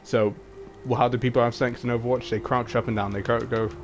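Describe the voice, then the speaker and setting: A man's voice: medium pitch, level tone, fast talker, soft background music. A young man reading his own comedic fan fiction aloud, with crude, swearing, self-mocking asides. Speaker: fan-fiction writer and reader.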